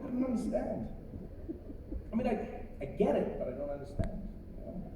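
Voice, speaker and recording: A man performing a stand-up comedy set to a live crowd, animated and slipping into quick voice impressions. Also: high voice. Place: large live comedy venue. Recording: echoey arena, far from mic, audience noise.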